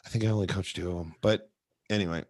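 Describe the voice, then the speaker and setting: Male co-host, gymnastics coach, low easygoing voice, dry close sound. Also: fairly even intonation, fast, darkish tone, no echo. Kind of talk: casual chat.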